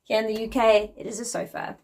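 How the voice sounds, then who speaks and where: A woman's voice: on the high side, little pitch movement, quick pace, creaky, darkish tone. A woman in her forties from South Africa with a South African accent, explaining things in a friendly, chatty vlog and laughing lightly now and then. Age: 40s. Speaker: vlogger.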